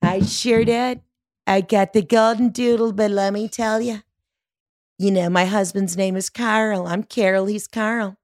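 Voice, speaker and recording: A woman voicing a gloomy, chatty middle-aged neighbor woman who dwells on small mishaps in a drawn-out, complaining way. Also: medium pitch, fairly even intonation, a little mellow, voice pushed up, lightly acted.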